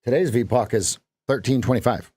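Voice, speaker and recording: A man's voice: mid-range voice, a little fast, a little mellow, husky, no room sound. A man hosting a live trading stream, talking in a casual, playful, jokey way with lots of emphasis.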